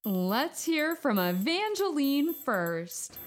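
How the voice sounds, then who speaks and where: A woman hosting a children's podcast, telling stories and jokes in a playful, expressive way. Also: high-pitched, slow pace, heavy background noise.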